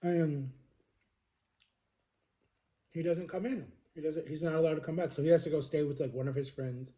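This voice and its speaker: Brief: vlogger man, slightly high-pitched but very mellow and dark in tone, candid storytelling with fillers and restarts. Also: fairly even intonation. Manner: earnest, halting recounting with many fillers.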